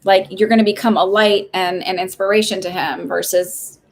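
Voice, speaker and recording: A woman's voice: medium pitch, steady tone, normal speed. A woman giving casual psychic readings on a live stream, chatty and reassuring, with many likes and ums.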